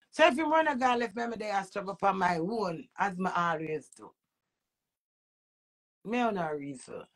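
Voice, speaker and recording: A middle-aged Jamaican woman vents in a personal vlog, cursing freely and pressing every point hard. Her voice sits a little high, with a rough, gravelly edge. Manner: profane, emphatic, with sudden loud outbursts and laughs. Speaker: vlogger. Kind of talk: heated personal rant to camera.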